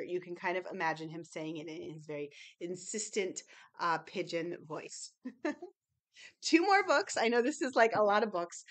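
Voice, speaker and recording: A woman librarian chatting casually and enthusiastically as she unboxes new children's books, with many ums and little gasps. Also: medium pitch.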